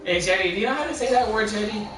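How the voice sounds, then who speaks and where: A man's voice: high-pitched, animated, racing. A man streaming a game in casual commentary, repeating a word again and again as he works on saying it and swearing now and then. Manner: repeats a word over and over trying to pronounce it, swears. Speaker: gaming streamer. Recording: very echoey, distant mic with game music.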